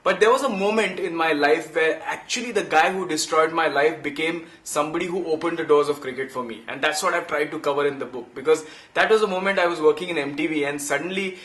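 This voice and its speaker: A man with an Indian English accent, a cricket comedian and impressionist, telling lively, punchy anecdotes and slipping into Hindi. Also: fairly high pitch, quick pace, few pauses. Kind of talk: animated storytelling talk. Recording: roomy echo.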